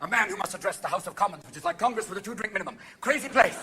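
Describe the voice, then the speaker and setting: A man performing a live stand-up set, firing off manic impressions and sudden shouts. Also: high-pitched, expressive, very fast, hardly any pauses. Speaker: stand-up comedian. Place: theater stage before a crowd. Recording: live audience laughter and noise.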